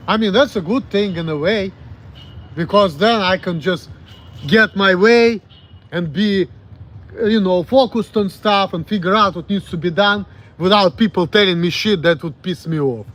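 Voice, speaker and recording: High-voiced Russian-accented man, rambling frankly. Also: a bit bright. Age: late 30s. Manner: rambling, frank, profane, halting self-corrections. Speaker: streamer. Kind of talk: candid livestream chat answering viewers.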